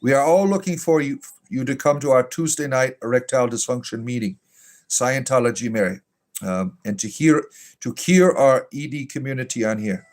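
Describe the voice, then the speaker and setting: A man's voice: mid-range voice, moderate pace, a little mellow. A man hosting a casual livestream and answering viewer chat with irreverent, sardonic banter, speaking in a put-on lilting accent that sounds a bit Irish.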